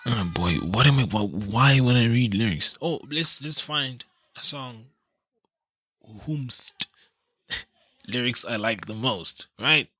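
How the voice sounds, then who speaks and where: A man's voice: medium pitch, lively intonation, takes it slowly, sharp tone, slightly rough, dry recording, studio quality. A man hosting a casual solo show, rambling, cutting himself off and laughing at himself. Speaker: podcast host.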